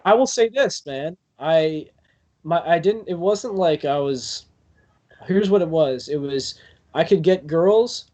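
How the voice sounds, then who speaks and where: A young man, a podcast guest, telling stories in a rambling, animated way full of fillers. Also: fairly high pitch. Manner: rambling, filler-heavy, animated with quick bursts. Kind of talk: casual storytelling chat.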